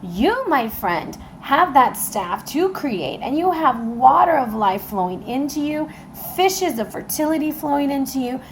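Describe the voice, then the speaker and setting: Excitable woman giving a tarot reading. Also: a little high, a little hiss or hum, rough recording. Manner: excitable and emotional, addresses viewers as guys. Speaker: tarot reader. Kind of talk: casual tarot reading to camera. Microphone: camera mic.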